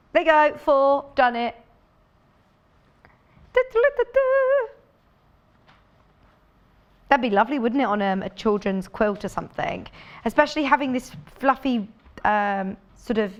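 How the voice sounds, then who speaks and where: A woman's voice: fairly high pitch, highs cut off. Chatty woman demonstrating sewing products. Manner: chatty and enthusiastic, thinking aloud while demonstrating. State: out of breath. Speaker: shopping channel presenter. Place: TV studio.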